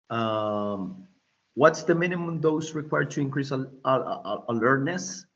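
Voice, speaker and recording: Over a video call, a male English teacher guides his students through a quiz, explaining as he goes and frequently asking "right?". He speaks a little slowly in a medium-pitched, slightly bright voice, and the computer-mic recording is dull and lo-fi.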